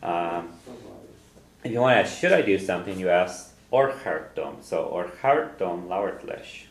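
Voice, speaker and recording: Low-voiced male teacher, patient and repetitive, recorded in an echoey classroom. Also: expressive, moderate pace. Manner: patient, repeats phrases, chuckles often. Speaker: language teacher. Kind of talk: classroom lesson, explaining phrases. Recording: roomy classroom echo, faint noise.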